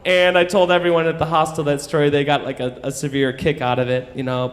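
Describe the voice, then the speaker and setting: Animated man telling a tale onstage. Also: fairly high pitch, gravelly. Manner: animated, profane, keeps asking "right?". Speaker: storyteller. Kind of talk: live stage storytelling. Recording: long hall reverb.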